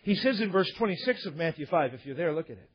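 A man's voice: on the high side, lively intonation, fast talker, husky, dull audio. A man preaching a sermon, telling a story and acting out the dialogue of the people in it. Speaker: pastor.

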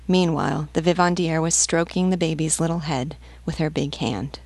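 A woman teacher reading a novel aloud in a measured, expressive way. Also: low voice, dry recording.

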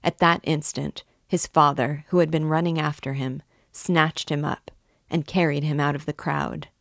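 A woman reading a novel aloud in a slow, deliberate way as a guide to the book. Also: low-pitched, little pitch movement, vocal fry, dry recording, studio quality. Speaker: reader guiding a novel.

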